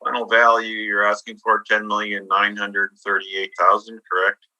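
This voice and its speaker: A man's voice: on the low side, monotone, normal speed, pushed and bright, rough recording. A man on a board, asking precise, matter-of-fact questions at a hearing. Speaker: board member.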